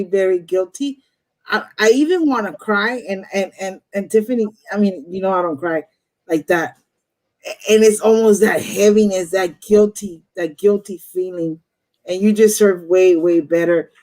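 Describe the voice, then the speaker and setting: A woman's voice: medium pitch, darkish tone, low-quality recording. Host, woman, tarot reader on a live stream; blunt, heated, profane delivery.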